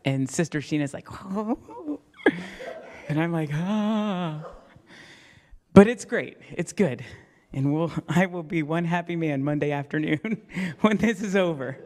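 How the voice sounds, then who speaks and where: A man's voice: on the high side, animated, takes it slowly, pauses often. A man preaching a sermon as pastor in a church, telling a story with self-mocking humor and acting out voices. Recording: long reverb of a church hall.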